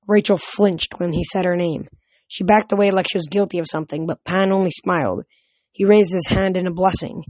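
A woman reading a young-adult novel aloud as an audiobook, in a steady, plain storytelling manner. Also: lowish voice, moderate pace, dry recording. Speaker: reader. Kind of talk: audiobook narration.

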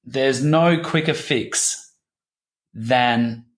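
A man in his thirties talking candidly as an interview guest, halting and repeating himself, swearing casually. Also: medium pitch. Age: 30s. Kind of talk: candid personal conversation.

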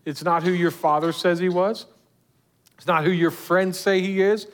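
A man's voice: high voice, steady tone, moderate pace. A man preaching a sermon earnestly, putting direct questions to his listeners. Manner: earnest, rising and falling with emphasis, asking the listeners direct questions.

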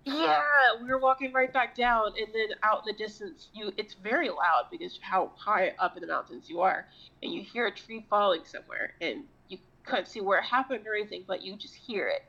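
Podcast co-host from Florida, a woman with a bright, forceful voice. Self-mocking storyteller with a slightly muffled sound. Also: mid-range voice, a little fast, vocal fry. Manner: animated, self-mocking, swears freely. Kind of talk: casual storytelling chat.

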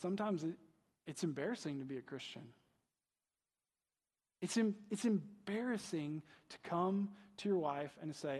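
Casting: male pastor, fairly high husky voice, casual chatty sermon, long reverb of a big hall. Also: expressive, moderate pace, pauses often, a little mellow. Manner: conversational preaching, asks rhetorical questions, frequent "right?".

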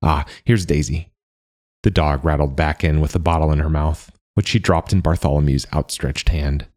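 A man narrating a first-person story in a calm, measured way. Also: extremely low pitch.

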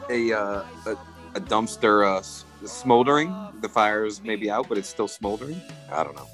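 A man's voice: on the low side, lively intonation, moderate pace, a bit bright, soft background music. A man in a casual sports chat, thinking aloud with hesitations and trailing-off sentences. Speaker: regular panelist.

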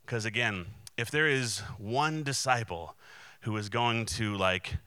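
A man's voice: fairly low pitch, unhurried, pushed and bright, clean tone, no room sound. A man preaching a casual, conversational sermon, with many restarts and fillers and quoted voices acted out. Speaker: pastor.

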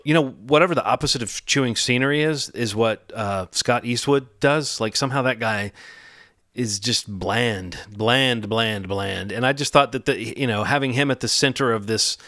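A man's voice: medium pitch, a bit bright, dry recording, studio quality. A man giving his opinion of a film in a casual panel chat, rambling and correcting himself with a wry tone. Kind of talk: casual podcast discussion.

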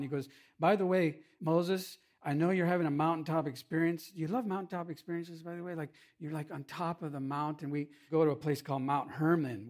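A pastor delivers a loose, conversational sermon full of jokes and quick asides to his listeners. His voice sits a bit higher than most men's. It rises and swells as he tells his stories. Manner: humorous, animated storytelling with asides.

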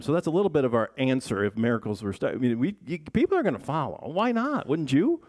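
Male pastor, mid-pitched voice, chatty teaching sermon, peppers it with questions to the congregation. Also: very animated, brisk, few pauses, a little mellow. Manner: chatty, asks the congregation questions, frequent restarts. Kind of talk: conversational sermon.

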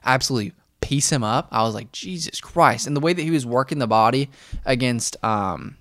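Animated young man, dry close sound. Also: mid-range voice, brisk, no room sound. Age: young adult. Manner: animated, rambling, addresses fighters directly. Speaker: podcast co-host. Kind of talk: casual sports podcast chat.

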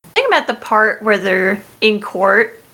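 A woman playing a tabletop role-playing game, speaking in a dry, deadpan way. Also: medium pitch, measured pace. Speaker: player. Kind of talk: casual tabletop role-play.

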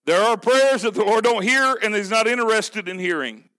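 A male preacher with a high, forceful voice delivers a sermon. He keeps asking the congregation questions, then drops his voice low and quiet to press a point. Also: expressive, normal speed, hardly any pauses. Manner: emphatic, with rhetorical questions to the congregation.

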